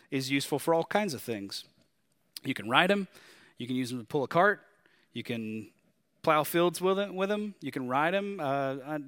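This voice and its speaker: Southern guy preaching, kinda high bright punchy voice, talks casual, lots of questions. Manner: conversational and animated, with rhetorical questions. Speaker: pastor. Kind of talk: sermon.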